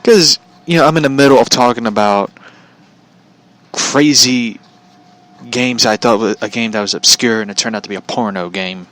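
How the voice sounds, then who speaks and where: A man's voice: medium pitch, normal speed, a bit bright. A man hosting his show from home, telling a story as a profane, aggravated rant. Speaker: show host. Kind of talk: ranting storytelling.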